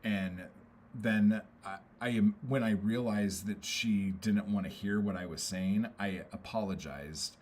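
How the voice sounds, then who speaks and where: A man with a very low, deep voice rambles through a frustrated venting session on a casual livestream. He swears freely and keeps stalling on fillers as he talks it through. A faint hum sits behind him. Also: a little slow, a little mellow. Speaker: poet and streamer.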